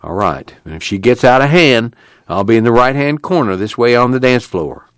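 A man's voice: medium pitch, lively intonation, normal speed, no echo, pitched above the performer's own voice, lightly acted. A man doing a stern, worried Okie camp leader. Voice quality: earnest, pleading, rural grammar.

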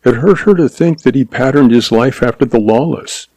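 A man narrating a western story in a measured, dramatic reading. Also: mid-range voice, a little mellow, no room sound, poor audio.

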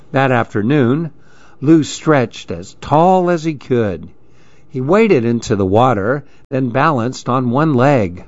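A man reading children's storybooks aloud in a slow, lilting, expressive way. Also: medium pitch, no room sound. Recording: dull lo-fi dry recording.

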